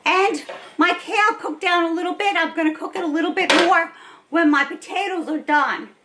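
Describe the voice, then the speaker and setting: A woman's very high-pitched voice, pushed and bright, comes through at normal speed over slight background noise. She's hosting a casual home cooking video, chatting cheerfully and laughing as she cooks, captured from afar in a roomy kitchen.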